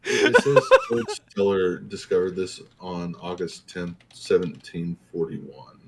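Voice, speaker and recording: A man's voice: low voice, lively intonation, slow, a little hiss or hum. A man chatting casually on a podcast, speculating in loose, rambling phrases. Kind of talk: casual chat.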